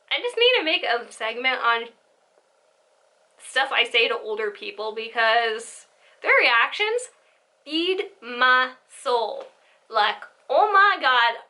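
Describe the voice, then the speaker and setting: A woman's voice: sits high, pushed and bright, poor audio. A young woman telling a rambling, giggly storytime vlog with side tangents. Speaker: vlogger.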